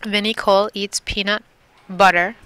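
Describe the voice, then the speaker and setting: A woman's voice: mid-range voice, little pitch movement, normal speed, a bit bright, clear, resonant tone, no echo. A woman from Milwaukee, Wisconsin, teaching a Spanish lesson, patiently repeating and drilling words. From Milwaukee, Wisconsin, USA. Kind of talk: recorded classroom lesson.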